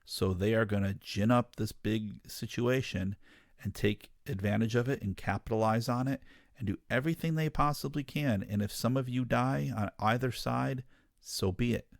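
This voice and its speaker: A man's voice: medium pitch, normal speed, vocal fry, no echo, studio quality. A man hosting a ministry talk show, giving an earnest, emphatic monologue straight to his listeners. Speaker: ministry podcast host. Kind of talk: impassioned monologue.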